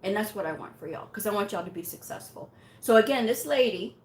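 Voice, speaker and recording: A woman's voice: medium pitch, lively intonation, a little fast, a little hiss or hum. A woman hosting a medical coding channel, telling a story bluntly and directly. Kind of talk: casual talking-head rant. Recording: echoey room sound.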